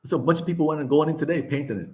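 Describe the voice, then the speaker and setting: A man's voice: fairly high pitch, very fast, dark tone. An older man hosting a casual chat, talking candidly, laughing often, swearing and repeating himself. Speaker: vlog host.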